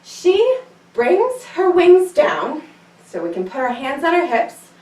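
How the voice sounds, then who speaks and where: A woman's voice: very high voice, wildly swooping pitch, slow, a little mellow, reverberant, distant mic, low-quality recording. A woman teaching a children's yoga class, telling a story in a playful, sing-song way while guiding poses.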